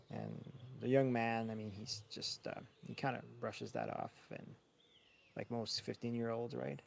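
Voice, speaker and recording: A man's voice: mid-range voice, huge pitch swings, a little slow, gravelly, slight background noise. A man narrating a tabletop game as game master, in meandering sentences full of fillers.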